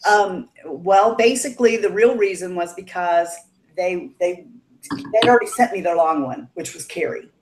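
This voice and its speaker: A woman's voice: fairly low pitch, normal speed, echoey room, noisy background. A middle-aged woman telling a story in a casual livestream chat, laughing often and acting out what others said. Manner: chatty, laughs often, animated quoting. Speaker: guest on a livestream.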